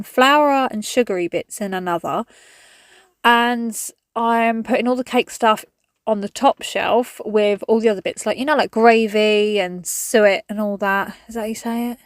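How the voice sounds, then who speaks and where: A woman's voice: medium pitch, no room sound, clean studio sound. Chatty English woman, frank and rambling. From England. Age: 30s. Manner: rambling, frank and swears casually. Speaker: cleaning vlogger. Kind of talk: chatty voice-over while cleaning.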